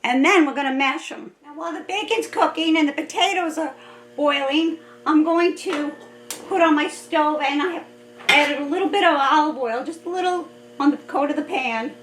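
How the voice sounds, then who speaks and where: In a roomy home kitchen recorded from a distant mic, a woman hosts a casual cooking video, talking cheerfully and laughing frequently as she cooks. She has a high, slightly bright voice at normal speed, and there's a faint hiss or hum.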